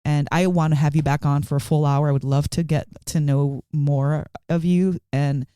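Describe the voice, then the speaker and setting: A woman's voice: low-pitched, fairly even intonation, moderate pace, warm tone, clear, resonant tone, no room sound, clean studio sound. A woman co-hosting a podcast in casual chat, talking in an earnest, heartfelt and effusive way. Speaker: podcast co-host.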